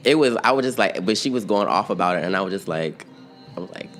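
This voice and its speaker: A man's voice: sits low, animated, fast talker, a bit bright, faint music behind. A young man from the outskirts of Philadelphia, telling stories in a casual interview with a loose, rambling flow, lots of fillers and bursts of laughter. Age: young adult. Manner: laid-back, rambling, many fillers, breaks into laughter. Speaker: interview guest, singer-songwriter and producer. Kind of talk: casual storytelling chat.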